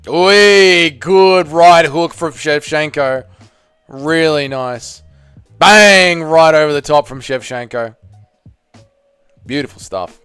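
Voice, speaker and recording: A man hosting a live fight watch party, giving blunt, excitable casual commentary, swearing freely and reading chat. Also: on the high side, takes it slowly, long pauses, clear, resonant tone, no echo, faint music behind.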